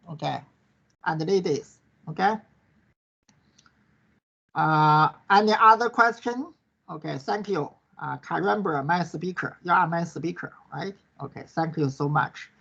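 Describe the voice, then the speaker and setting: A man's voice: high-pitched, lively intonation, measured pace, vocal fry, fairly bright tone, slightly rough. A male course instructor answering questions in an online class, in non-native English that tags most sentences with "right?" and "okay?". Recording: dull lo-fi online class recording.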